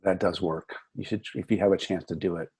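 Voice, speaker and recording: A middle-aged man with a warm, darkish voice and a husky edge. He chats as a podcast guest about his work as an assistant director. His telling is lively and rambling, with plenty of restarts. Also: low voice, brisk. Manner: lively, chatty storytelling with frequent laughs and restarts. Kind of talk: casual conversation.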